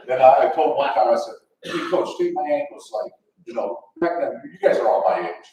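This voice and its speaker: A man's voice: medium pitch, lively intonation, a little fast, heavy background noise. An older man telling rambling, chuckling football stories to a luncheon audience, with many restarts. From Detroit area, USA. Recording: echoey event hall, distant mic.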